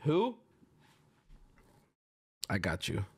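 A man's voice: fairly low pitch, huge pitch swings, drawn-out words, slightly rough. A man streaming live, telling stories in casual chat, teasing his viewers and swearing freely as he talks.

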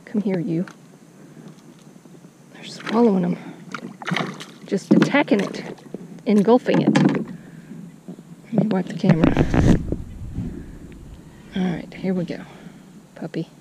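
Out on a kayak, a woman fishing vlogger narrates slowly in a medium-pitched voice, leaving long pauses. Wind and water are clearly audible behind her as she chats in folksy terms to the fish and to the people watching.

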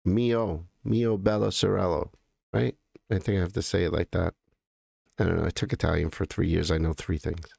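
An American man hosting a live stream, chatting casually and in a halting, rambling way as he greets viewers by name. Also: low-pitched, fairly even intonation, creaky, a little mellow, breathy edge, no room sound, clean studio sound.

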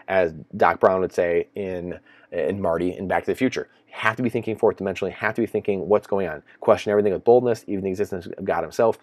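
Rambling, incredulous low-voiced man. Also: a little mellow, no room sound. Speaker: finance commentator. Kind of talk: casual solo commentary.

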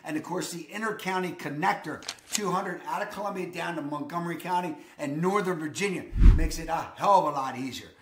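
A man's voice: fairly high pitch, fairly quick, few pauses, roomy sound, background noise. A man hosting a real estate vlog, enthusiastic and emphatic, leaning on the same catchphrases again and again. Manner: enthusiastic, emphatic, repeats "I'm telling you". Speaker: real estate video host.

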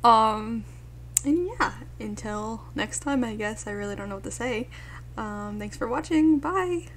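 A young woman giving let's play commentary as host, excitable and yelping at the game. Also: fairly high pitch, measured pace, slight background noise. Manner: excitable, yelps and shouts at the game. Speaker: gaming video host.

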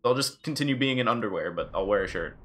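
Animated, joking male game streamer. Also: lowish voice, fast talker. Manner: joking, animated, swears freely. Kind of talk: casual live gameplay commentary.

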